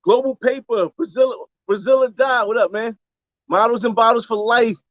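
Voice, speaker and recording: A young man live-streaming a casual travel vlog from a beach, talking loosely in slang and shouting out viewers on a handheld phone. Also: very high-pitched, steady tone, normal speed, no room sound. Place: outdoors on a beach by a boat landing. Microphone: phone camera held by hand. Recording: slightly dull lo-fi phone audio.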